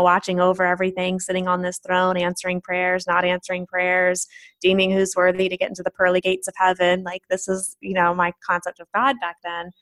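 Woman, young adult, earnest, candid, reflective monologue, mid-pitched, dry close sound. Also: no echo. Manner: earnest, candid, with soft laughs and restarts. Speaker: speaker sharing a personal spiritual story.

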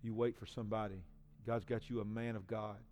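Emotional pastor preaching. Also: male voice, lowish voice, flat delivery, a little fast. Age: 40s. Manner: emotional, swings from hushed to loud. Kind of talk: testimony sermon.

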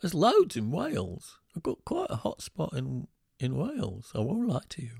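A man's voice: a little high, huge pitch swings, moderate pace, vocal fry, a little mellow, breathy edge, no echo, clean studio sound. A man co-hosting a podcast in casual chat, rambling through asides and chuckling often. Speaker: podcast co-host, musician.

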